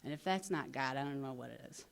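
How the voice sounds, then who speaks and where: A woman's voice: rumbling low, fast, creaky. Candid St. woman telling her story. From St. Louis, USA. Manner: candid, animated storytelling with frequent "you know". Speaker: recovery convention speaker. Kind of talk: personal recovery testimony.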